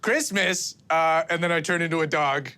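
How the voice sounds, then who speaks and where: A man improvising in character at a tabletop game, excitable and swearing, laughing through his lines. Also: a little high, moderate pace.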